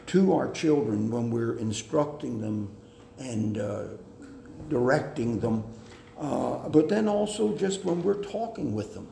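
A man preaching a sermon on family life, slow and deliberate, with hesitant fillers. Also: on the high side, creaky, warm tone. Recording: echoey hall with faint noise.

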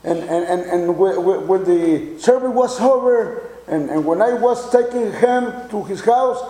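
Older man, Mexican accent, high but mellow voice, halting preacher testimony in an echoey church. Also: lively intonation. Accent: Mexican Spanish. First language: Spanish. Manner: halting, many repeated words and fillers, chuckles.

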